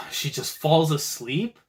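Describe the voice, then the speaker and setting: A man reacts live to a new manga chapter, slangy and quick to exclaim. His voice sits a little high for a man. The delivery is loose and conversational, like a streamer riffing with his viewers. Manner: excitable and slangy, with frequent exclamations.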